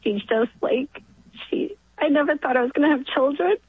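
Teary woman in her 40s calling into a radio show, high voice, phone-line sound. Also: no echo. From New York. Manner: emotional, tearful, halting. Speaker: caller. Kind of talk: call-in radio testimony.

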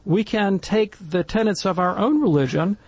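A man's voice: high voice, normal speed, slightly rough, no echo. A middle-aged man on a Catholic discussion panel, telling a story in a casual way and acting out the voices he quotes. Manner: animated, acts out quoted voices.

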